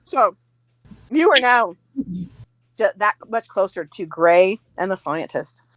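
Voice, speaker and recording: A woman's voice: mid-range voice, slow, no room sound. Chatty woman game master, dry sound. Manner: chatty, lively, with hesitant fillers and chuckles. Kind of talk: narrating a tabletop game.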